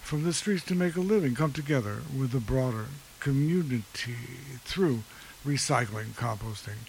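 A radio co-host putting on a measured public-radio announcer voice, lower and slower than his usual talk. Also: expressive, slight background noise, natural voice, poor audio. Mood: solemn.

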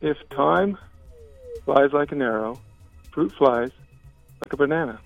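A man's voice: medium pitch, expressive, unhurried, creaky. A man calling into a radio show to tell a joke, a little hesitant. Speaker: caller. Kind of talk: telling a joke on a call-in show. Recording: tinny phone line, music under.

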